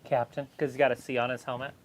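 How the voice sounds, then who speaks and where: A man's voice: mid-range voice, little pitch movement, fast talker, slight background noise. A man co-hosting a live stream, chatting casually and cracking dry jokes. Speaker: stream co-host.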